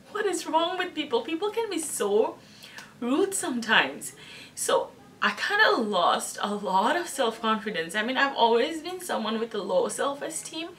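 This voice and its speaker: A young woman telling an emotional personal story in a storytime vlog, speaking candidly and sometimes haltingly. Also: high voice, pushed and bright, distant mic. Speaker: vlogger.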